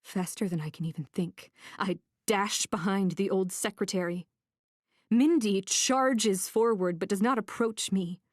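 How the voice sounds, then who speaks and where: A woman reading a first-person thriller audiobook in a tense, measured way. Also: medium pitch, no echo, studio quality. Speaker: audiobook narrator.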